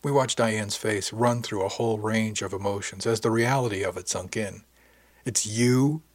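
Husky man narrating an audiobook. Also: on the low side, fairly even intonation, moderate pace. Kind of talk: first-person scripted narration.

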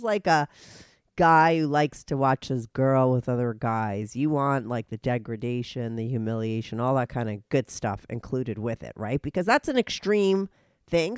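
A woman's voice: very deep voice, no room sound. Blunt, chatty woman host with a stuffy nose from a cold; dry, close mic. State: nasal from a cold. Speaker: podcast host. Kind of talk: casual frank interview.

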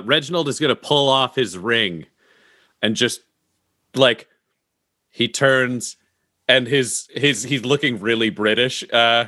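A man's voice: medium pitch, sharp tone, no echo, studio quality. A man describing his character's actions as a player in a tabletop game, casual and profane.

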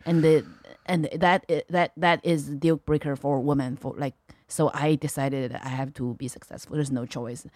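A woman's voice: low-pitched, fairly even intonation, moderate pace, a little mellow, no room sound. A middle-aged woman with a Chinese accent, speaking bluntly in broken English as a comedian guest on a podcast. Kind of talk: casual podcast chat.

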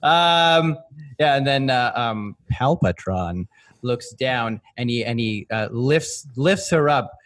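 A man playing a character in a tabletop game, telling his part with laughs and halting restarts. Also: medium pitch, lively intonation, fairly bright tone. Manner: giggly, halting storytelling. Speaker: player. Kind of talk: casual tabletop play.

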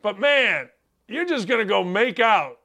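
A middle-aged man hosting a sports talk show, animated and sarcastic, swinging from loud outbursts to muttered asides. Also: high-pitched, measured pace. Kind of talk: opinionated sports radio talk.

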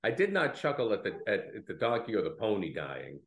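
A man's voice: on the low side, huge pitch swings, a little fast, roomy sound. A man co-hosting a film podcast, chatting casually and rambling through false starts and self-corrections.

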